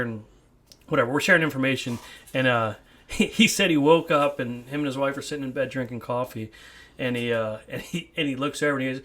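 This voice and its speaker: Young guy w a mid-hosting a podcast in his man cave, bright punchy voice, rambly, laughs a lot. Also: mid-range voice, brisk. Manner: rambling, laughs often, repeats words. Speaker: podcast host. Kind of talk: casual chat. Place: home man cave, indoors.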